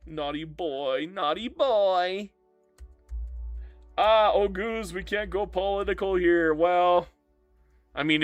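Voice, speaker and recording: A man's voice: a little high, no room sound. A man live-streaming a strategy game and bantering playfully with his chat as he reads their messages aloud.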